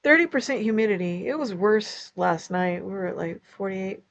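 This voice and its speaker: A woman's voice: mid-range voice, normal speed, no room sound. Chatty woman co-hosting a live stream. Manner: relaxed, chatty, laughs often. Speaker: co-host. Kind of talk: casual live-stream chat.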